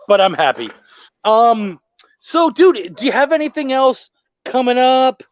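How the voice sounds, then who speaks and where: Loud, gregarious high-voiced man. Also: measured pace, lo-fi sound. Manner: loud, gregarious, profane, animated storyteller. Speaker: podcast host. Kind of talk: casual chat, storytelling.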